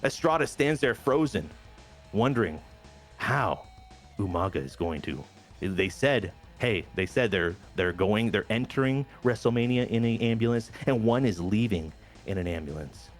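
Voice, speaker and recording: A man with a fairly low voice tells the story of a wrestling game session like a lively storyteller. He jumps into little voices for the wrestlers as he goes, and faint music plays underneath. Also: normal speed. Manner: animated storyteller, briefly acting out wrestlers' lines. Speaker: game show host narrating a wrestling sim. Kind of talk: casual narrated commentary.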